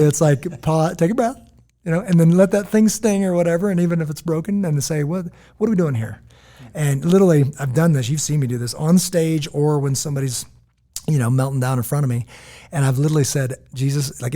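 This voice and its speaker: An American man co-hosting a podcast, chatting casually and telling stories, acting out quotes in lively voices. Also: a little high, fast talker. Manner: animated storytelling, quotes others in lively voices. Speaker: podcast co-host. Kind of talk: casual chat.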